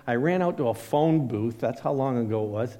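A man's voice: medium pitch, animated, brisk, warm tone, big-room sound. A middle-aged man preaching a sermon as a pastor, telling personal stories and acting out the voices of people he quotes. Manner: storytelling, acts out quoted voices.

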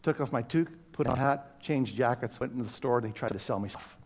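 A man's voice: mid-range voice, quick pace, vocal fry, darkish tone, a little hiss or hum. A middle-aged man from Canada preaching a sermon to his church, telling stories in a conversational way with self-deprecating humor. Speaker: pastor. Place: church sanctuary. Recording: long reverb of a church hall.

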